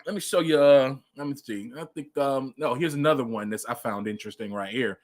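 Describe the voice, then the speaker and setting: A man's voice: mid-range voice, fairly quick, darkish tone. A man hosting a casual commentary show, speaking emphatically and repeating phrases for effect. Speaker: podcast host.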